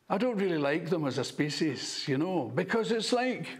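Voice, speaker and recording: A man, a stand-up comedian, telling anecdotes in an interview with animated delivery, swearing and acting out shouts. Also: high-pitched, fairly quick, few pauses, husky.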